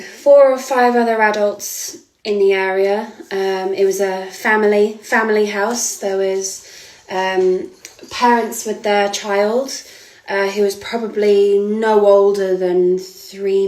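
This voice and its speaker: A woman's voice: medium pitch, darkish tone. A woman, a model giving an earnest, hesitant personal account. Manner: earnest, hesitant, with frequent ums and restarts. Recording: echoey room.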